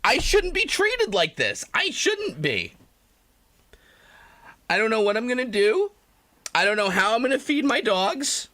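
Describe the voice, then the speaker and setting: A man's voice: high-pitched, bright, forceful tone. A man live streaming, ranting in a rambling, profane, self-pitying way and breaking into laughter. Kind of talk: comedic live-stream rant.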